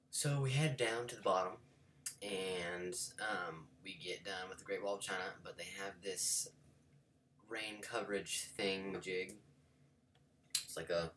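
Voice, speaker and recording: A man's voice: low-pitched, bright, forceful tone. A man telling a rambling story in a casual vlog, full of fillers and sudden whispered asides. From United States. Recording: voice a bit far from the mic, faint background noise.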